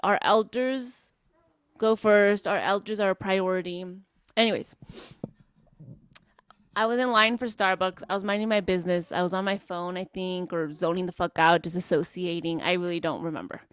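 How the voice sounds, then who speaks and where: A woman's voice: fairly low pitch, steady tone, normal speed, smooth, no echo. A woman co-hosting a podcast, telling a story in a casual, frank way, with lots of fillers and swearing. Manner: frank and profane, with many fillers. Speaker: podcast co-host.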